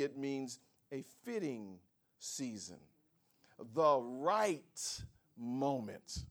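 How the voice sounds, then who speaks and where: High, lively-voiced preaching man. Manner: teaching, swells from low asides to shouted emphasis; calls for congregation responses. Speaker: pastor. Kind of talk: sermon.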